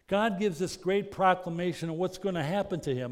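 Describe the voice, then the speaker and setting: Male pastor, sermon, earnest, loud then hushed, fairly high voice, long hall reverb. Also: fairly quick. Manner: earnest, swings from loud emphasis to soft intimate tones.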